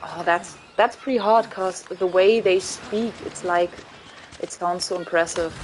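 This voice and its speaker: A woman's voice: fairly low pitch, unhurried, a little hiss or hum, rough recording. A woman with a German accent chatting casually while streaming a game, rambling and laughing often. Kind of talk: casual chat while gaming.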